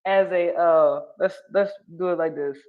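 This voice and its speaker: Reading her chat aloud, a livestream host from North Carolina answers viewers' comments, shares casual opinions and laughs a lot. She speaks at a normal speed in a lowish voice, over dull, lo-fi stream audio.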